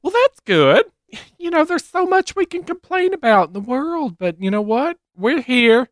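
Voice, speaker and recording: A woman co-hosting a podcast in casual comedic chat, goofy and quick to riff. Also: high voice, sing-song, no echo, clean studio sound. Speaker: podcast co-host.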